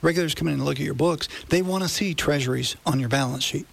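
Gravelly-voiced man explaining finance. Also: on the high side, fast. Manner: explanatory, conversational, checks listener understanding. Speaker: radio finance show host. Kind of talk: casual radio talk.

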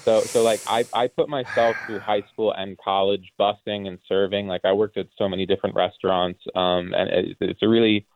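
A man calling in to a radio chat, talking haltingly with many ums and restarts. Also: on the low side, little pitch movement, a little hiss or hum. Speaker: caller. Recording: tinny phone line.

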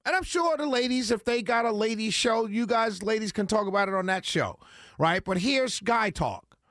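A man's voice: sits high, animated, moderate pace, a bit bright, no room sound. A man hosting a talk radio show, talking in an emphatic, rambling way straight to his listeners on a studio mic. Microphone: studio broadcast mic.

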